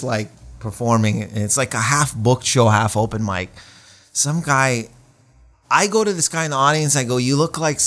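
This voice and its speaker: A man, a comedian, telling a rambling story in casual chat and acting out the people in it. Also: mid-range voice. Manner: rambling, animated, acts out quoted voices.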